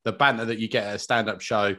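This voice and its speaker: A man's voice: lowish voice, fairly even intonation, quick pace, pushed and bright. A man, a guest on a podcast, talking in a blunt, rambling way in casual chat.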